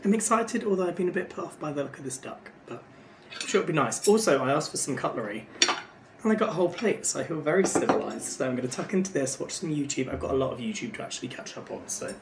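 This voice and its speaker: A man's voice: fairly high pitch, big pitch swings, fast, noisy background. A man, chatting casually and rambling to his vlog camera from a hotel room. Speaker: vlogger. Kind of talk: casual day-in-the-life chat. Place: hotel room high up in a city. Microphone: handheld vlog camera.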